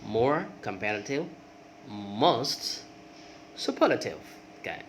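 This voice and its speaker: A man's voice: medium pitch, lively intonation, a little slow, a bit bright, slight background noise. A man whose first language is Khmer, teaching English grammar and drilling word forms aloud, with frequent checks of "okay". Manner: repeats word forms in drills, rising on examples, many okays. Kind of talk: grammar lesson.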